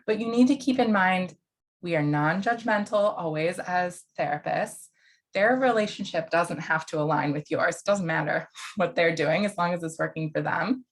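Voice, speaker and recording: A woman's voice: fairly low pitch, normal speed. A woman counselor educator giving an online lecture in a casual, conversational way, with fillers and asides.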